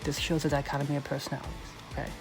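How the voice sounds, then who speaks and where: Gravelly, emphatic male dating coach. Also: a little high, monotone, very fast, music in the background. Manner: emphatic, repeats points, keeps addressing listeners as "you guys"; profane and cocky. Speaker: dating coach podcast host. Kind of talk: coaching podcast monologue.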